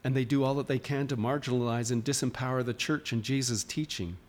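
A man with a mid-range voice, talking a little fast, preaches a conversational sermon in a church. He's informal and questioning, and he often restarts his sentences.

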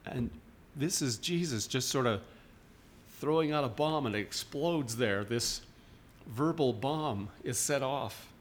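A man's voice: mid-range voice, a little slow, a little hiss or hum. A man preaching a sermon in a church, informal and questioning, often restarting his sentences. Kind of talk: conversational sermon.

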